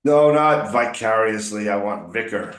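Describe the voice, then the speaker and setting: A man's voice: on the low side, animated, a little slow. Male English tutor, patient explaining, repeats words for drills, roomy echo. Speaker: English coach.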